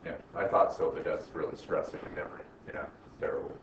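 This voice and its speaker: A man's voice: a bass voice, quick pace. A man teaching accounting to a class, peppering students with "right?" questions and wry teasing jokes. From United States. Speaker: accounting instructor. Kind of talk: classroom lecture. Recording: echoey classroom from far off, muffled, faint hiss.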